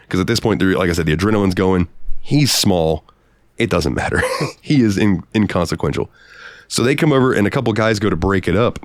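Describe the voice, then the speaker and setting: A man co-hosting a podcast, telling profane, animated stories in casual chat. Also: low voice, no echo. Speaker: podcast co-host. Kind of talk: casual storytelling.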